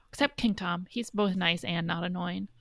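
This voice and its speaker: A woman's voice: on the low side, a little slow, vocal fry, a bit bright, dry recording. A woman co-hosting a podcast, blunt and sweary in casual chat. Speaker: podcast co-host.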